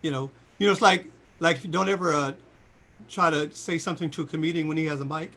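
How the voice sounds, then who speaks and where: A singer in his sixties, appearing as an interview guest, tells animated anecdotes fast in a fairly high, bright, forceful voice. When he quotes people, he acts them out with sudden high pitch jumps.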